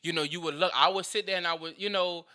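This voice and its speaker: A man hosting a casual podcast, asking questions and rambling through animated restarts. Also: high-pitched, fast talker. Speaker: podcast host.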